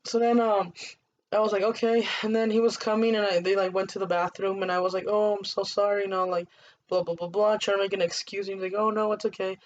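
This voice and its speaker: A woman's voice: mid-range voice, flat delivery, fast. A young woman vlogger telling a casual storytime, rambling and replaying dialogue with "I'm like" and "he's like". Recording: dull lo-fi audio with faint hiss.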